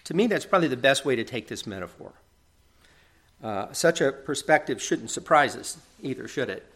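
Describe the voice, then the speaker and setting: A man's voice: medium pitch, lively intonation, normal speed, fairly bright tone. A middle-aged man preaching a sermon in an earnest, conversational way, often checking in with tag questions.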